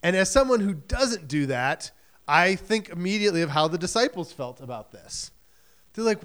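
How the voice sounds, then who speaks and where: High-voiced man preaching casually. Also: big pitch swings, moderate pace, fairly bright tone. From Michigan. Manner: conversational, acts out quoted voices, frequent "like" and "right?". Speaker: pastor. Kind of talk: sermon.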